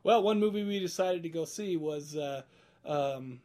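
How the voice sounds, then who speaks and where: Rambling male podcast host, halting casual delivery. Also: a little high, darkish tone. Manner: rambling, halting, laughs often. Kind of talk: casual chat.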